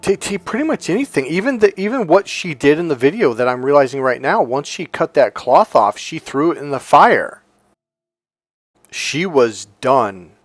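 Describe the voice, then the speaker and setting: A man talking as a life coach, telling stories and pressing his points through emphatic repetition in a casual motivational monologue. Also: medium pitch.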